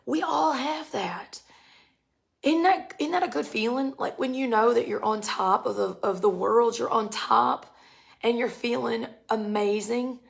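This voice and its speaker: A woman in her forties with a strongly gravelly, creaky voice, sitting a little higher than most. She gives a casual spiritual talk, slangy and animated. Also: measured pace. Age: 40s. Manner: slangy, animated, laughs often. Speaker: spiritual speaker.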